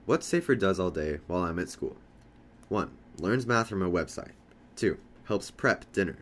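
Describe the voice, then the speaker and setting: A man's voice: low-pitched, animated, normal speed, fairly bright tone, a little hiss or hum. A man reading a novel aloud, telling it plainly in the first person. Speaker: audiobook reader.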